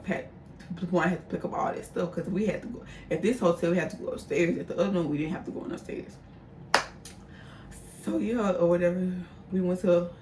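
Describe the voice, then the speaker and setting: A woman's voice: lowish voice, warm tone, distant mic. A young woman tells a casual storytime, chatty and direct with her audience. Her voice sits somewhat away from the mic, with a roomy echo and a faint hum underneath. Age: young adult. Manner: chatty, addresses viewers as y'all. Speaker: vlogger telling a story.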